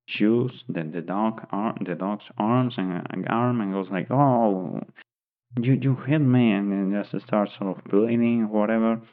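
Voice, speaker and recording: Slow, rambling man on a tinny line. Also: fairly low pitch. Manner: thinking aloud, rambling while describing pictures. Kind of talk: unscripted story narration. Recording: tinny phone-like audio.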